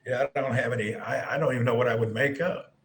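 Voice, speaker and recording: A man's voice: mid-range voice, steady tone, quick pace, slight background noise. A man hosting a casual live stream, joking and teasing his guests.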